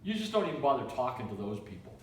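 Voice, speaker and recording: A man from Canada, a preacher telling a story in a sermon with animated, repetitive delivery. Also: medium pitch, very fast, a little hiss or hum. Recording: echoey room, mic from far off.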